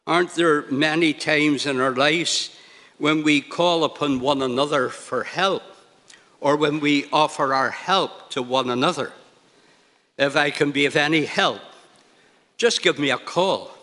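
A man preaching a sermon in a slow, deliberate, emphatic way. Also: a little high, sharp tone, big-room sound.

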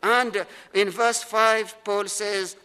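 A middle-aged man preaching a sermon in a church, earnest and emphatic, leaning on key words with slowed, repeated phrases. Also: high-pitched, fairly even intonation, pushed and bright, clear, resonant tone. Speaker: pastor. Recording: long reverb of a large hall.

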